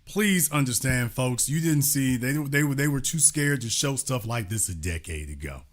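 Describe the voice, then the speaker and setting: A man's voice: mid-range voice, animated, normal speed. A man commenting on a news clip with sarcastic, groaning asides.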